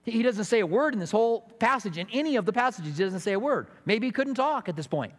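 A high-voiced man preaches from a pulpit, his words trailing off into the long reverb of a large hall. He tells stories animatedly and slips into other people's voices for emphasis. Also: animated, fast. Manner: storytelling with mimicked voices and emphatic bursts. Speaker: pastor. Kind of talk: sermon.

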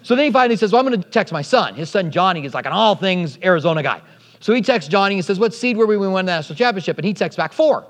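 A man preaching a sermon as pastor, animated and storytelling, acting out quotes along the way. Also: high-pitched, rapid-fire, long reverb tail.

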